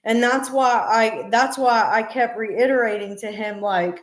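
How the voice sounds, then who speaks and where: A woman's voice: fairly high pitch, a little slow. A middle-aged woman hosting a casual live stream, talking earnestly and emphatically with many fillers. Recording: roomy echo.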